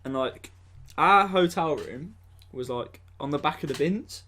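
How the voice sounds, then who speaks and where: A man's voice: fairly high pitch, expressive, a little slow, sharp tone. A young man, chatting bluntly and swearing on a casual podcast. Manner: laid-back, sweary, blunt. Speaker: podcast co-host. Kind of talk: casual chat.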